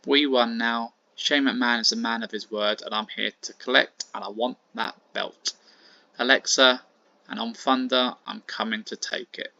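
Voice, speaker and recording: Brief: steely woman wrestler turning heel, low and quiet, read by a man in plain voice, on a dull lo-fi track. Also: fairly even intonation, normal speed, dry recording. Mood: cold. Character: female wrestler turning on her partner, cold, determined.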